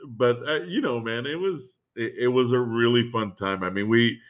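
A man from Miami co-hosting a podcast, relaxed, swearing freely as he reminisces. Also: mid-range voice, moderate pace. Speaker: podcast co-host. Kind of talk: casual chat. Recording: dull lo-fi recording.

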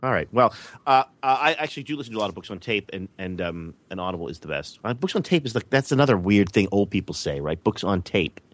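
Wry, low-voiced male podcast host. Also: sing-song, quick pace, hardly any pauses, no echo. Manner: wry, self-mocking banter. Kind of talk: casual chat.

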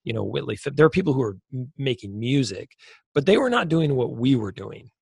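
A man's voice: mid-range voice, very animated, brisk, gravelly, a little mellow, breathy edge, no echo, studio quality. A man co-hosting a podcast in casual chat, rambling and joking as he wraps up. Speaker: podcast co-host; lead pastor.

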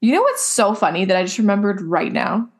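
A woman's voice: medium pitch, very animated, fairly quick. A young adult woman co-hosting a podcast, chatting casually and rambling with many fillers. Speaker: podcast co-host. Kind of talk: casual chat.

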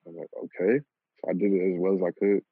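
Young guy telling a story loose and lively, kinda husky, tinny phone-line sound. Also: low-pitched, quick pace, dry recording. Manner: animated, laughs at himself, swears casually. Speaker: guest telling a personal story. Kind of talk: casual storytelling. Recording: lo-fi phone-like audio.

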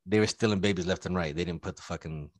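A man with a lowish voice riffs and swears through casual podcast banter. He jokes and slips into acted-out quotes. The sound is close and dry. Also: fast talker, no room sound. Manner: profane, joking, acts out quotes. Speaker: podcast co-host. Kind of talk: casual chat.

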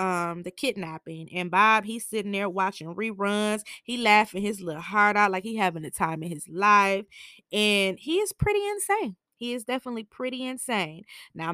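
A woman's voice: medium pitch, fairly bright tone, dry recording, clean studio sound. Chatty, opinionated woman recapping TV. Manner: chatty, opinionated, slangy, laughs at her own jokes. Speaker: TV recap podcaster. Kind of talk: casual recap commentary.

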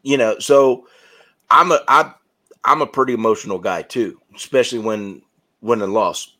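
A man's voice: mid-range voice, moderate pace, sharp tone. A man co-hosting a casual sports podcast, laughing often and trading competitive banter. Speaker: podcast co-host.

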